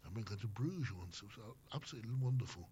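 A man's voice: fairly low pitch, lively intonation, racing, dark tone. An older man, a former radio host, chatting as an interview guest and telling rambling anecdotes. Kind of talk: casual chat. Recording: slightly muffled with faint noise.

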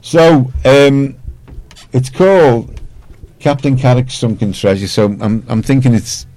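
An older man with a Scouse accent hosting a casual radio studio interview, chatty and halting with many fillers. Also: medium pitch, mellow, a little hiss or hum, low-quality recording. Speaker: radio host.

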